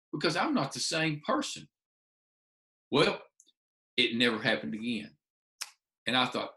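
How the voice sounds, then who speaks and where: A man's voice: medium pitch, moderate pace, pauses often, echoey room. A man tells a story to an audience, acting out the dialogue with lots of restarts. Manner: animated storyteller, acts out dialogue, restarts often. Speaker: speaker telling a story from his teaching career.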